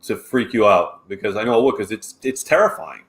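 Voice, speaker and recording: A man's voice: on the low side, very animated, a little fast, a bit bright. A man co-hosting a casual podcast, emphatic and repeating himself when worked up. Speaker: podcast co-host.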